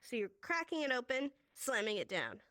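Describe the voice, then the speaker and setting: A woman leads a relaxed sign language lesson in a virtual classroom, her voice sitting fairly high. She sounds dry and close to the mic, upbeat and chatty, laughing often as she explains hand shapes. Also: normal speed, no echo. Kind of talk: casual classroom instruction.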